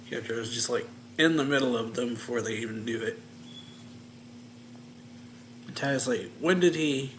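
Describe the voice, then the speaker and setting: A man's voice: medium pitch, slow pace, pauses often, fairly bright tone, a little hiss or hum. A young man casually recapping a story, rambling with lots of fillers and little chuckles. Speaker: reaction channel host. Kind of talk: casual manga chapter recap.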